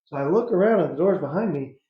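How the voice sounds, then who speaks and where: A man telling a family story as an interview guest, lively and laughing, acting out the quotes. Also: fairly high pitch, fast talker. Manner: animated, laughing storyteller who acts out quotes. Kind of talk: casual storytelling. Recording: roomy, dull sound.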